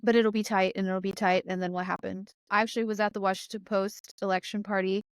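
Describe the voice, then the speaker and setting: A woman journalist from Georgia, hosting a casual political discussion and telling stories in a chatty, animated way. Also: mid-range voice, quick pace, dry recording. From Georgia, USA. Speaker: journalist and podcast host.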